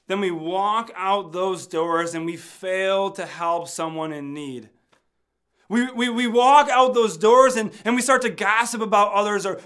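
A man's voice: sits high, fairly bright tone. A man preaching a sermon as pastor, earnest and emphatic, repeating words as he builds his points.

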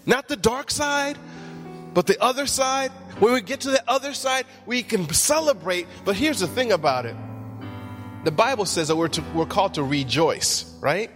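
Pastor guy w a high voice joking thru his sermon in church, soft music under it. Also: animated, normal speed. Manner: humorous storytelling, acts out quotes.

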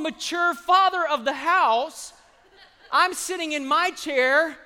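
A man preaches with lively, humorous storytelling. His voice sits very high for a man and sounds bright and forward. A long reverb from a large hall trails behind every phrase. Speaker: pastor. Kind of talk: sermon.

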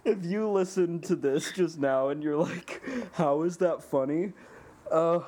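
A man co-hosting a podcast, telling an animated story in casual chat, laughing often and swearing freely. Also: fairly high pitch, a little slow. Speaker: podcast co-host.

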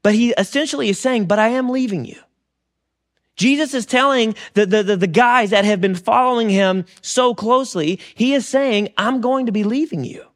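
High-voiced casual male pastor. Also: moderate pace. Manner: conversational, relaxed with frequent fillers and restarts. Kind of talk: sermon.

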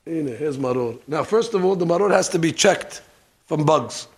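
A man teaching a hands-on religious lesson, animated and joking, dropping Hebrew terms as he demonstrates. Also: on the high side, normal speed. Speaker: rabbi teaching. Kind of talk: demonstration lesson on ritual practice. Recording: archival lesson recording.

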